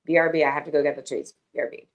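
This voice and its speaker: Young woman chatting on a home livestream, playful, goofy baby talk to her cats, voice a bit on the low side. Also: fairly even intonation, very fast, a little hiss or hum. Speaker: live streamer. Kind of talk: casual live-stream chat.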